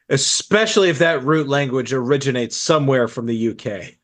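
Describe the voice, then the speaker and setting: Lively, joking man on a podcast. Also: medium pitch, moderate pace. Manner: joking, sarcastic. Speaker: podcast co-host. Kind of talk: casual chat.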